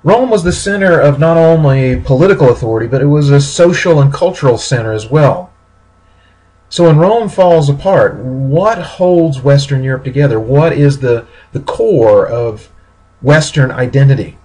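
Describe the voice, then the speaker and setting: A man giving a recorded history lecture, explaining steadily with pauses and small self-corrections. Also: medium pitch, darkish tone, breathy edge, low-quality recording.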